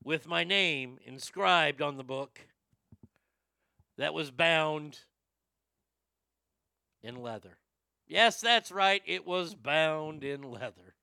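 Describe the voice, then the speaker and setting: A man telling profane, rambling personal stories to a live chat, animated and quick to joke. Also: a little high, vocal fry, smooth, no echo, studio quality. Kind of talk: storytelling stream chat.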